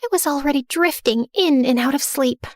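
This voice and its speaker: A young woman narrating her own animated story in first person, sassy, dramatic and sarcastic. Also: high voice, fairly quick, dry recording, studio quality. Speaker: narrator and heroine.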